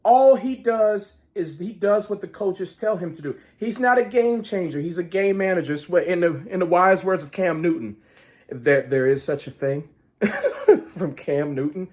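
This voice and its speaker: A man ranting about a football game as a fan vlogger, profane, swinging between shouted outbursts and low muttering. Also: moderate pace. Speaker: sports vlogger. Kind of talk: angry fan rant.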